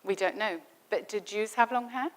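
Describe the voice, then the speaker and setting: A woman's voice: mid-range voice, normal speed. A middle-aged woman giving a theology lecture in a conversational style, thinking aloud and asking rhetorical questions. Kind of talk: spoken Bible teaching. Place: lecture at a summer school.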